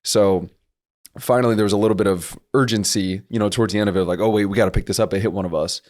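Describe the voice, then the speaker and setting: A man's voice: fairly low pitch, steady tone, quick pace, a little mellow. A young man co-hosting a casual sports podcast, patiently explaining football plays and rules. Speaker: podcast co-host.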